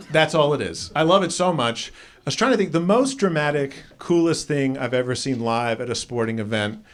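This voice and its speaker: Animated stand-up comic, laughing crowd. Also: male voice, mid-range voice. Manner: animated storytelling, acts out characters with raised voice. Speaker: stand-up comedian. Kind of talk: stand-up comedy set. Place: comedy club stage before a live audience. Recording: live club audience laughter.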